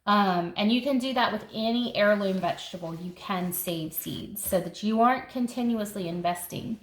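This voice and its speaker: A woman of medium pitch speaks at normal speed as she casually flips through a seed catalog for her gardening vlog. Her chat is enthusiastic and full of thinking out loud, captured in an echoey room with slight noise.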